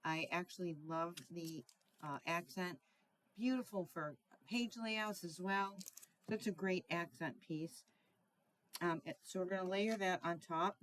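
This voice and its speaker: A middle-aged woman hosting a casual card-making tutorial, chatty and sometimes searching for words, with frequent ums and throat clearing. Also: on the low side, measured pace, a bit bright, a little hiss or hum. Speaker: craft tutorial host.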